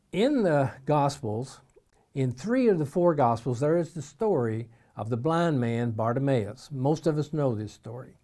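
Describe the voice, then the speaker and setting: A man from eastern Kentucky with an Eastern Kentucky accent, giving an informal devotional talk in a folksy storytelling way. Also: mid-range voice. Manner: folksy storytelling, acts out shouted voices in quotes. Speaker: missionary preacher.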